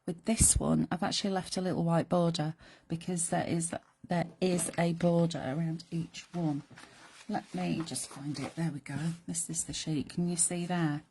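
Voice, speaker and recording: A middle-aged woman presenting a live craft demonstration, chatty and playful, sometimes dropping to soft whispered asides as she works. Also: on the low side, little pitch movement, moderate pace, slightly rough. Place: craft studio.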